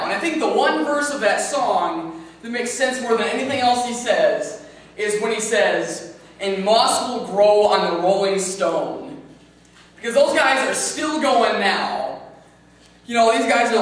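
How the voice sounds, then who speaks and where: Rambling stand-up comic in an echoey venue. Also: male voice, high voice, a bit bright. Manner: rambling, filler-heavy, talks through laughs. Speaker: comedian. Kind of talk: stand-up comedy at an open mic. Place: open mic venue. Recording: echoey room from far off.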